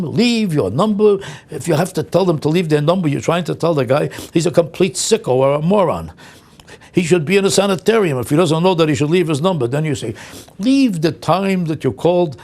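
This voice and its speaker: A man's voice: a little high, animated, fast talker, darkish tone. An older man delivering a comic rant, indignant and incredulous, piling up exasperated insults. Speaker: comedian. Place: home vlog.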